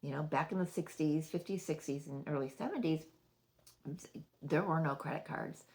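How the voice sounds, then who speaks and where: A middle-aged woman does a casual spiritual card reading as an oracle card reader, rambling, thinking aloud and often laughing. Her voice sits low and is a little mellow, at a moderate pace.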